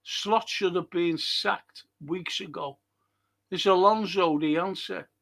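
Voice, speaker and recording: Slow-talking scouse fella on his fan stream, high gravelly voice, swears a lot. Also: fairly bright tone. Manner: blunt, exasperated, swears often. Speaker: host of a fan live stream. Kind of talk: casual chat reading viewer comments.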